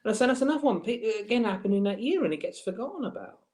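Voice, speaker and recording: A man in his forties, a guest in a casual football chat, talking in a lively, animated way. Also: high voice. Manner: lively, animated, quick to laugh along.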